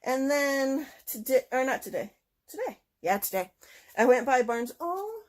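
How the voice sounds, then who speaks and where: A woman chatting casually and excitedly through a book haul, full of little fillers. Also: high voice, unhurried. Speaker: book vlogger.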